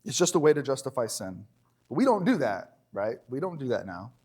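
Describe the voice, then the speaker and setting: A man preaching a conversational sermon in a church, animated and joking, slowing down when he reads scripture. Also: mid-range voice, husky.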